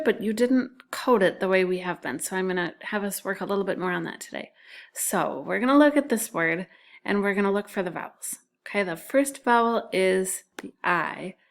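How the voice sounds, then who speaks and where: A woman teaching a recorded phonics lesson to second graders, patiently sounding out words syllable by syllable and often whispering letter names. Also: mid-range voice.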